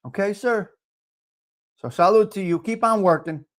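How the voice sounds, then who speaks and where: Brash high-voiced male stream host. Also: moderate pace. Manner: brash, talkative, mixes in Italian phrases. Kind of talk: casual live stream chat, reading viewer comments.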